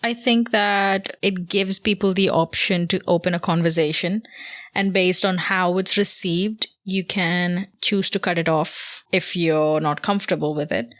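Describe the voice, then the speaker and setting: A woman's voice: fairly low pitch, fairly even intonation, unhurried, no room sound, studio quality. A young woman from India whose first language is Telugu, co-hosting a podcast with playful, giggly chat. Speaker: podcast co-host. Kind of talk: casual chat.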